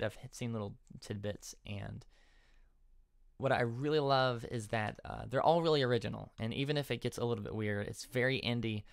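A man's voice: medium pitch, fairly bright tone, clean tone, no echo, studio quality. A young man hosting a let's play, rambling eagerly with many stammered restarts. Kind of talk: casual gameplay commentary.

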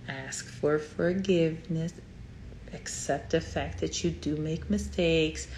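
A woman's voice: on the low side, darkish tone, reverberant, slight background noise. A woman from Brazil with a Brazilian Portuguese accent, a native Portuguese speaker, giving an earnest teaching talk to camera as a therapist and repeating phrases for emphasis.

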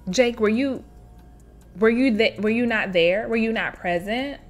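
A woman hosting a show where she reads online stories aloud and reacts to them in an expressive, chatty way, laughing often and talking straight to her listeners. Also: on the high side, unhurried, faint music behind. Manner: chatty, addresses listeners directly. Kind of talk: casual storytelling with commentary.

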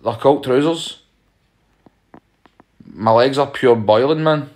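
A man's voice: medium pitch, slow pace, a little mellow, lightly acted. A man voicing a proud ancient villager who shows off the first trousers, boastful and casual. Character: proud ancient man showing off his new invention.

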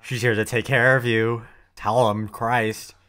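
A man's voice: medium pitch, little pitch movement, a little slow, fairly bright tone. Heated, foul-mouthed male anime reactor. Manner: heated, profane outbursts. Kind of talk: casual reaction commentary.

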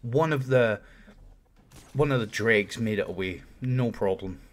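A man's voice: mid-range voice, measured pace. A man talking viewers through a game run in a casual, explanatory commentary voice-over. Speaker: video game guide creator.

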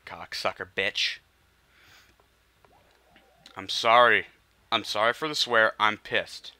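A man's voice: lowish voice, pushed and bright, clear, resonant tone, dry recording. A young man commentating his gameplay, frustrated and swearing, often muttering under his breath. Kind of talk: let's play commentary.

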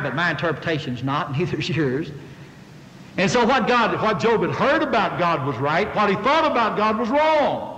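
A man's voice: high voice, a bit bright. A male preacher, giving a folksy sermon and questioning his listeners. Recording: long reverb of a hall.

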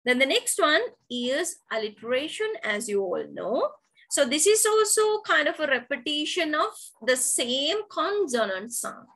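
Slow, high-voiced woman teaching poetry. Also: sing-song, fairly bright tone, poor audio. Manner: slow, explaining step by step with repeated terms. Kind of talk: online poetry lesson. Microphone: video call.

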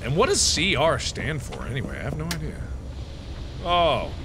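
A man playing a horror game who screams, swears and panics, then settles into calm musing. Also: fairly high pitch, normal speed, heavy background noise. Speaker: let's play host.

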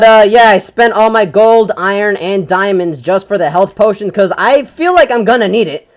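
A young man giving casual let's-play commentary as a gaming channel host. He gets excitable, swears often and yells at the game. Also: high voice.

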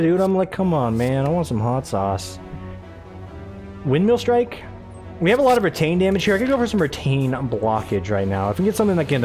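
A man's voice: a little high, darkish tone. A young American man hosting a let's-play, chatting casually and rambling about his day while he plays, laughing often. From United States. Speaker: gaming channel host.

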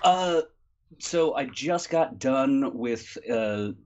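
A man chatting casually as a guest voice actor, relaxed and rambling, with many ums and uhs, from a home recording room. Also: medium pitch, drawn-out words, lo-fi sound. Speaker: guest voice actor and audiobook narrator. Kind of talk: casual chat. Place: home recording room, not studio quality.

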